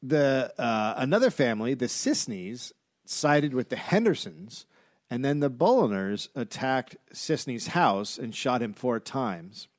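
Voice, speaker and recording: A man's voice: mid-range voice, big pitch swings, a little slow, no room sound. Dry-voiced man reading history on a comedy podcast. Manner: reads out history notes with filler "uh"s, dry asides. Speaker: podcast co-host and researcher. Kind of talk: casual comedic history chat.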